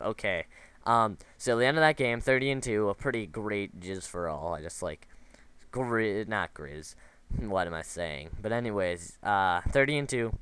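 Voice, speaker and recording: Guy rambling over his gameplay, lots of um and like, crisp bright voice. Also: fairly low pitch, expressive, moderate pace, no echo. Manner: rambling, lots of fillers and restarts, wanders off into stories. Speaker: gameplay commentator. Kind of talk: casual game commentary.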